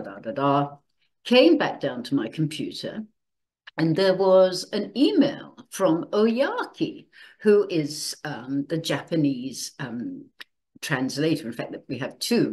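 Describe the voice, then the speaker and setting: A woman's voice: low-pitched, big pitch swings, measured pace. An older woman hosting her channel, chatting casually and emotionally, laughing often as she tells a personal story. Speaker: channel host.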